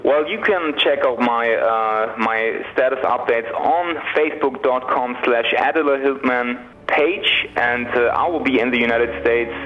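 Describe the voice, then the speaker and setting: A man from Germany with a German accent, a guest author in a radio interview, talking in a relaxed, chatty way with many fillers. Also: mid-range voice, a little slow, hardly any pauses, lo-fi sound.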